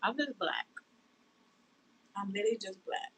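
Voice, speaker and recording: A woman's voice: medium pitch, moderate pace, fairly bright tone, husky, low-quality recording. A woman chatting casually on a livestream from her bedroom, sitting on her bed, greeting viewers and rambling about friendship, saying y'all a lot. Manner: drawling, says y'all. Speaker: livestream host.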